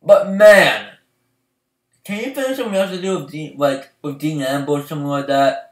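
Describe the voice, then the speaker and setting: A young man ranting as a fan vlogger, swinging from loud outbursts to low mumbling. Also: normal speed, far from the mic. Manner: excitable, swings from shouting to mumbling. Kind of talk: heated ranting. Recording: echoey room, voice off-mic.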